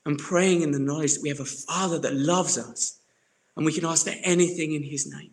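A young adult man, preaching a sermon in an earnest way that swings between soft reflection and emphatic bursts. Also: on the high side, fairly even intonation, brisk. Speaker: pastor.

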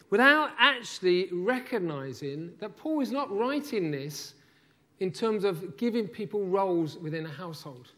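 A man's voice: high-pitched, animated, moderate pace, bright, forceful tone. A man preaching a sermon in a conversational, thoughtful way, often restarting his phrases. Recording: church hall with long reverb.

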